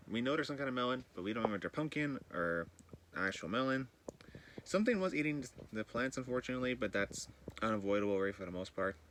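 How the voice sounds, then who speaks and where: Just out of bed and still a bit groggy, this northern British Columbia man walks his greenhouse on a handheld camera for his vlog. He chats casually and rambles with occasional swearing, in a mid-range voice over background noise.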